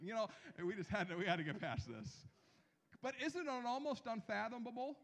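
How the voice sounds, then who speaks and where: A man in his thirties preaching a sermon, animated, with slow emphatic phrases and drops to near a hush. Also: high voice. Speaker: pastor.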